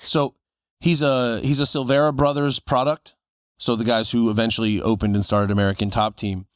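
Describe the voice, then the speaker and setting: Animated storytelling man, dry close sound. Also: medium pitch, moderate pace, clear, resonant tone, no echo. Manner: animated storyteller acting out quoted voices. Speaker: podcast co-host. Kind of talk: casual storytelling chat.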